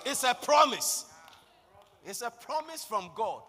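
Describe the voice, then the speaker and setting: A man preaching a sermon with passion, often rising to shouted declarations. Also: very high-pitched, very animated, a little slow, a little hiss or hum. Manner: impassioned, building to shouted declarations. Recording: long echo of a large hall.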